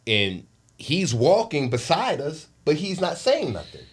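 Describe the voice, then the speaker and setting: A man in his forties, a podcast co-host, telling a personal story in casual chat with emotional, animated delivery. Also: on the high side, unhurried, husky. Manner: animated, emotional retelling with lively shifts in loudness.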